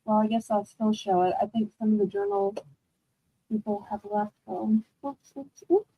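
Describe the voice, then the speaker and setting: A woman's voice: mid-range voice, steady tone, moderate pace, husky, highs cut off. A woman hosting a live online auction, chatting in a gushing, upbeat way as she shows items. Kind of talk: live selling stream chat.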